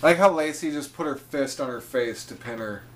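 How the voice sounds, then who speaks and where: A man's voice: medium pitch, fairly quick. A man co-hosting a wrestling podcast, talking in a laid-back, profane way and chuckling. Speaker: podcast co-host. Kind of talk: casual wrestling recap chat.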